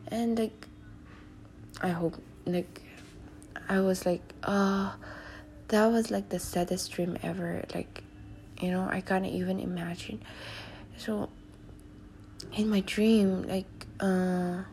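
Soft-voiced young woman, rambling podcast chat. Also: medium pitch, steady tone, takes it slowly, pauses often, a little hiss or hum. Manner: rambling, many fillers, drops into a soft whisper at times. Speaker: podcast host. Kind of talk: casual solo podcast storytelling.

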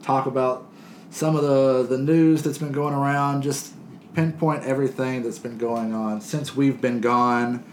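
A man's voice: mid-range voice, steady tone, measured pace. A man hosting a loose comedy podcast, crude and full of swearing as he riffs with friends around him. The room rings with echo, and a faint hiss sits under his voice. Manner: crude, joking, profane. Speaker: podcast host. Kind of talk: casual comedic chat. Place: room shared with several co-hosts.

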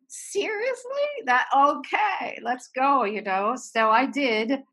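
A woman in her sixties from Erie, a film producer guest, telling lively anecdotes and laughing often. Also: mid-range voice. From Erie, Pennsylvania. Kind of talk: anecdotal storytelling.

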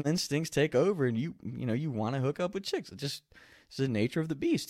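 A man tells a candid personal story in a casual, profane way, laughing along as he goes. His pitch swings widely from line to line, and the sound is dry and close with no room echo.

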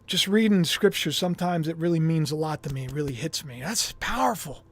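A man hosting a podcast from home, preaching scripture fervently and slowing down hard on key words. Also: a little high, fairly bright tone. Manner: fervent, slows down hard for emphasis. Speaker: podcast host.

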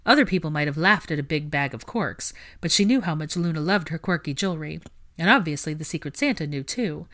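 A woman reading a storybook chapter aloud with a low voice. Her narration is calm and even, with a steady pace from line to line. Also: brisk. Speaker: audiobook reader.

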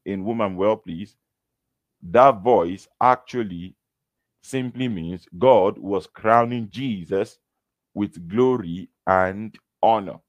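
A man preaching a sermon, teaching scripture slowly and emphatically with repetition. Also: fairly low pitch, no echo.

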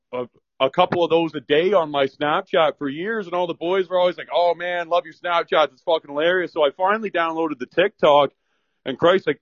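A man's voice: on the high side, dry recording, lo-fi sound. A Canadian man talking as a guest in casual chat, laid-back, rambling and swearing a lot.

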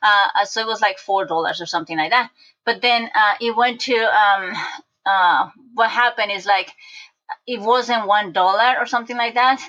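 Woman guest, bright sharp voice, animated storyteller, lo-fi dull audio. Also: mid-range voice, moderate pace. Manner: animated storyteller with many restarts and acted-out quotes. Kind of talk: casual conversation, personal storytelling. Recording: dull lo-fi recording.

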